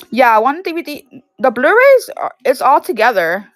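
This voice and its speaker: Selling DVDs and VHS tapes on a livestream, this young woman talks casually despite a sore, itchy throat. Her high voice is very animated and moves at normal speed, with no echo. Her storytelling wanders and leans heavily on fillers.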